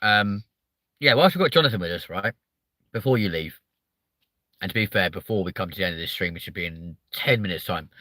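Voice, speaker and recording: A man's voice: fairly low pitch, no room sound. Hyper, swearing southern English man. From southern England. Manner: hyper, animated, swears a lot. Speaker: live stream host. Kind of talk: casual live-stream chat, reading viewer comments.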